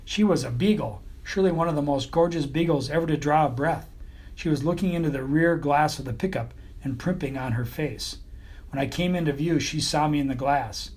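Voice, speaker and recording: A man's voice: a little high, a little fast, a little mellow, breathy edge. A man reading a comic children's story as an audiobook narrator, in a folksy, mock-grand manner.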